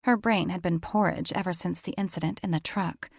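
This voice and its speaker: A woman narrating a romance audiobook in a measured storytelling manner. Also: lowish voice, steady tone, vocal fry, no echo, clean studio sound. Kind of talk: scripted narration.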